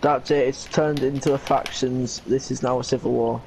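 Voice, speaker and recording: A man's voice: mid-range voice, little pitch movement, normal speed, vocal fry, a little mellow, a little hiss or hum, rough recording. A young man, teasing and plotting with friends during a game. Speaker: gamer. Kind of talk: casual gaming banter.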